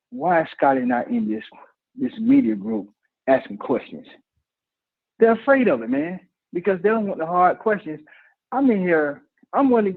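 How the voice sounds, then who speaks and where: A man's voice: fairly high pitch, vocal fry. A man calling in to a live show, ranting emotionally and bluntly, swearing and restarting his sentences. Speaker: caller. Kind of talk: heated call-in rant. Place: office cubicle. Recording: tinny phone line.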